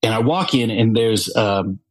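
A man from California, a guest actor, talking casually on a podcast and often pausing to search for words with many fillers. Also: lowish voice, no room sound, low-quality recording.

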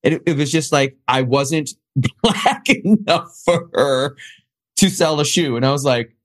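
A man hosting a podcast, telling stories in a lively way and acting out the other people's voices. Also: a little high, a little slow. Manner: animated storyteller, acts out quoted voices. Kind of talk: casual podcast chat.

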